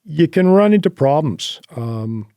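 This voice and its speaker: A man as a podcast guest, telling animated hunting anecdotes with quoted asides and laughs. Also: a little high, measured pace, no echo. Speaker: podcast guest, horseback hunter. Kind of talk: casual interview storytelling.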